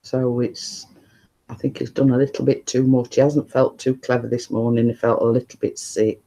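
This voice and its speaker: A man hosting a casual live stream from his living room, talking quietly and rambling chattily to viewers. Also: medium pitch, little pitch movement, moderate pace, creaky. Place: living room at home, indoors.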